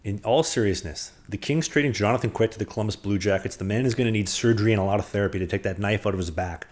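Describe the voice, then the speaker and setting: A man co-hosting a podcast, talking sports fast and cracking jokes through an ad read. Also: fairly low pitch, a little mellow. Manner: fast, joking sports talk. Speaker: podcast co-host. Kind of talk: casual chat and sponsor read.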